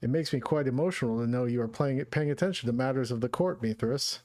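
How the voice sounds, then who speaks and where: A man's voice: medium pitch, fast, a little mellow, lightly acted. A man voicing a crude, selfish male ruler of a failing planet who sneers at his people and gushes over his son. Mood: gushing.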